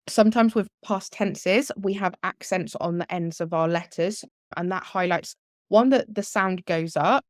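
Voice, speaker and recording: A woman's voice: lowish voice, no echo, clean studio sound. A woman, a language teacher, explaining exam tips in a live webinar, talking things through with restarts and examples.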